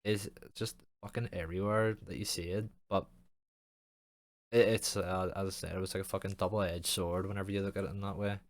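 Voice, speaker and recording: A man's voice: low voice, little pitch movement, brisk, no echo. A young man hosting a casual podcast, rambling loosely and swearing heavily with a jokey tone. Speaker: podcast host and streamer.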